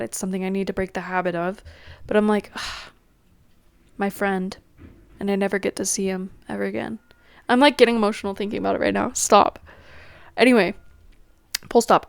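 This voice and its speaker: Chatty young woman, smooth clear voice. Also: mid-range voice, no echo. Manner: rambling, self-deprecating, chatty. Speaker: podcast host. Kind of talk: casual solo chat.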